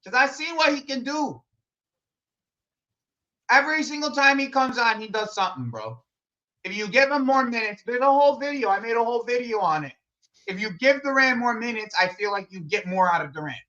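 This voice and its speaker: A young man hosting a football watch-along stream, chatting casually in an animated, slangy way and laughing often. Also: extremely high pitch, brisk, muffled recording. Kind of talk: casual live commentary chat.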